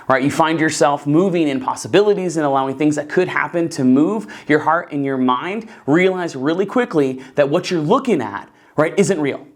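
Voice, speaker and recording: A Bible teacher in a casual, conversational teaching session who keeps checking in with "right?" and tells stories with enthusiasm. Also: mid-range voice. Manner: conversational, keeps asking "right?" and addressing "guys"; enthusiastic, animated storytelling.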